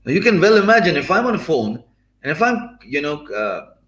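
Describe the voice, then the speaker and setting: A man's voice: fairly high pitch, sing-song, brisk, a bit bright. Man with a Pakistani accent, echoey room. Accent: Pakistani English. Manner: earnest, many fillers and restarts. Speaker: freelancer. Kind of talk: motivational talk.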